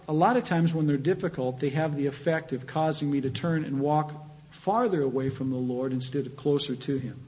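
A man delivering a sermon with a slightly higher voice than most men. He preaches earnestly and conversationally, pushing harder on his key points. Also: a little mellow, poor audio. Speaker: pastor.

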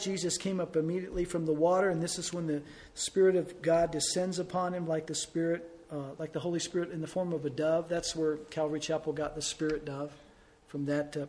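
Man preaching with rising, falling emphasis. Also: a little high. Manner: conversational preaching with rhetorical questions, swinging loud and soft. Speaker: pastor. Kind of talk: sermon.

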